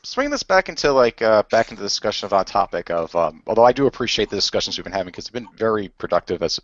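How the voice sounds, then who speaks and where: A man's voice: fairly low pitch, big pitch swings, fast, no room sound. A man hosting a casual voice chat discussion, earnest and hesitant with many fillers. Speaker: discussion host. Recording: dry, dull lo-fi voice chat.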